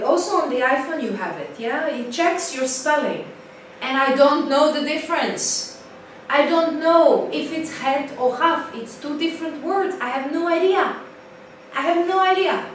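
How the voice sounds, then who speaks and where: A woman teaching an English class in a lively way, repeating key points for emphasis. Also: sits high, unhurried. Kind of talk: live class lecture. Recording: distant mic, very echoey room, faint noise.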